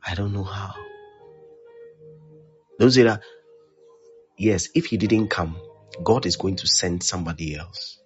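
A man preaching a sermon as pastor, repeating his phrases with force, then dropping to a hush. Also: deep voice, a little slow, pauses often, lo-fi sound, faint music behind. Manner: emphatic preaching, repeats phrases, swings loud to hushed.

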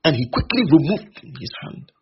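A male preacher, repeating phrases for emphasis and slowing on key lines. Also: fairly high pitch, big pitch swings. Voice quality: gravelly and very husky. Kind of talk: sermon. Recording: dull lo-fi recording.

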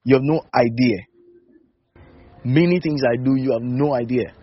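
Man, pastor, very husky voice, emphatic repeated exhortations, dull lo-fi recording. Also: medium pitch, normal speed, long pauses. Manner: repetitive, emphatic exhortation with rhetorical questions. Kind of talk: sermon.

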